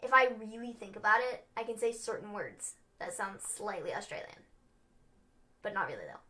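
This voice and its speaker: A woman's voice: mid-range voice, very animated, normal speed, pushed and bright. A young American woman co-hosting a casual chat, rambling and filling her sentences with "like.". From United States. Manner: rambling, heavy use of "like". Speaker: co-host.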